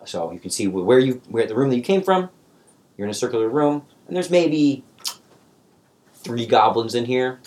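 A man at the head of a tabletop game, describing rooms and goblins to his players. He talks in a loose, rambling way, full of restarts, at an ordinary middle pitch for a man. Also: animated, normal speed, pauses often, darkish tone. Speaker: game master.

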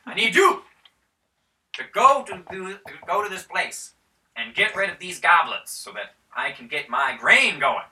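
A man's voice: high voice, big pitch swings, measured pace, pushed and bright, roomy sound, recorded from a distance, pitched above the performer's own voice, heavily acted. A man voicing a pompous male baron who is hiring adventurers in a tabletop game, proclaiming grandly.

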